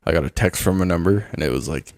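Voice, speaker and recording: A young man co-hosting a podcast, telling relaxed anecdotes and swearing casually. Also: low-pitched, fast talker, no echo, studio quality. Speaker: podcast co-host. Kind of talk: casual chat.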